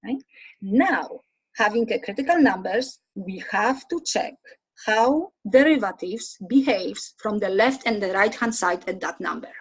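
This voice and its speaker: Husky-voiced woman teaching math. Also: medium pitch, animated, unhurried, rough recording. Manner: talks through steps, asks students questions. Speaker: math lecturer. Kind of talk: recorded lecture over slides.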